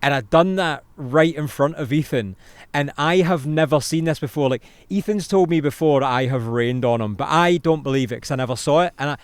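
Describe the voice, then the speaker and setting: A young Scottish man co-hosting a podcast, telling animated stories in casual chat, laughing often and swearing. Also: a little high, fairly quick, hardly any pauses, clean tone, no room sound. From Scotland. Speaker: podcast co-host.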